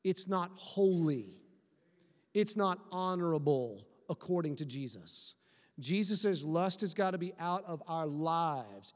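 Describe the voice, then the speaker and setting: Middle-aged male pastor, high voice, casual animated sermon delivery, reverberant sanctuary. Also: unhurried. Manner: conversational, animated preaching with acted-out quotes. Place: church sanctuary. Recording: long hall reverb.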